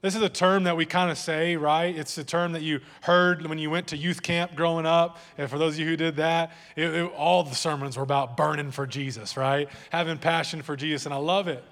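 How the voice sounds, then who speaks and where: A man preaching in church, his speaking voice sitting a bit higher than most men's. He talks in a loose, conversational way, often restarting phrases and teasing the congregation. The sound rings with the long reverb of a big room. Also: steady tone, fairly quick, few pauses, a bit bright. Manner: conversational preaching with repeated words and audience jokes. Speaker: pastor. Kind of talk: sermon. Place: church hall.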